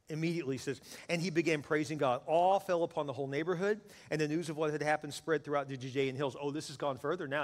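A man preaching a sermon to a congregation, lively and joking, building to loud peaks. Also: on the high side. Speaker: pastor. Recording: long hall reverb.

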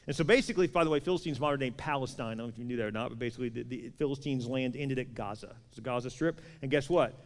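A man's voice: medium pitch, rapid-fire. A man preaching a sermon, telling a story with acted-out dialogue and jokes. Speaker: pastor. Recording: reverberant hall.

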